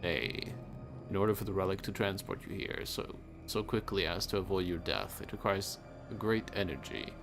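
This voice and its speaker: A solemn hooded Reaper, as a man puts him on, speaking in a dropped, hushed voice. He talks slow and formal in an old-fashioned way, enigmatic and faintly apologetic, like a game spirit. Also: sits low, expressive, creaky, over music, pitched below the performer's own voice. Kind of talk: game dialogue read aloud.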